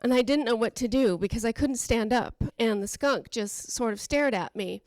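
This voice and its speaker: A woman from Oakland delivers a rambling stand-up routine and mocks herself along the way. Her voice sits high. She talks in halting starts and restarts. The recording is dry and close. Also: darkish tone, no room sound. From Oakland, California. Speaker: stand-up comedian.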